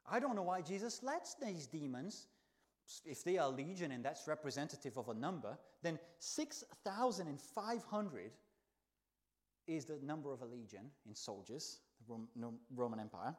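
Animated preacher man telling a story. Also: fairly high pitch, moderate pace. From not from the country where he preaches. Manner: animated storytelling, swinging between soft hushed lines and loud exclaims. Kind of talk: sermon.

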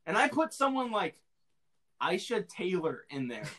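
A young man co-hosting a podcast in casual chat, animated and laughing often. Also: high voice, measured pace. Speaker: podcast co-host.

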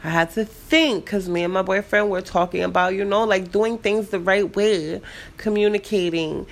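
A young woman with a New York City accent, rambling through a story in a casual, animated way and swearing freely. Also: mid-range voice, moderate pace. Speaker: vlogger.

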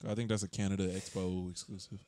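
A man's voice: sits low, flat delivery, fast, mellow, no echo. A man co-hosting a podcast in casual chat, teasing and laughing often. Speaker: podcast co-host.

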